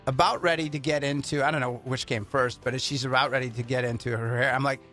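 A man hosting a morning radio talk segment, chatting in a lively way. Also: mid-range voice, quick pace, faint music behind. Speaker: radio host.

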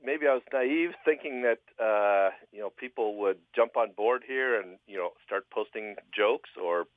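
A man calling in as a guest, telling a joke casually, with a halting delivery and many fillers. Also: on the low side, no room sound. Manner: halting, lots of fillers, lively. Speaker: phone-in guest, joke teller. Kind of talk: casual storytelling. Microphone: phone. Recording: tinny phone line.

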